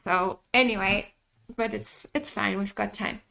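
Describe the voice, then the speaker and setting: A woman's voice: medium pitch, fairly even intonation, a little slow, creaky, sharp tone. A woman hosting an online event, chatting casually and laughing easily. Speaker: event host. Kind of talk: casual chat.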